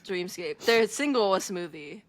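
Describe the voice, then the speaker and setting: A woman's voice: medium pitch, animated, unhurried. A young woman hosting a podcast in casual chat, easygoing and a bit hesitant, often correcting herself. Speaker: podcast host.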